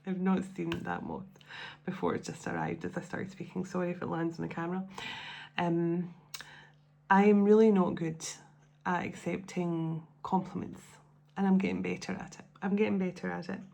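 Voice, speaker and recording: A woman's voice: lowish voice, lively intonation, moderate pace, vocal fry, a little mellow. A woman hosting a spiritual tarot channel, talking to her viewers at home in a casual, heartfelt and emotional way, often restarting her sentences. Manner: emotional, rambling, with many restarts.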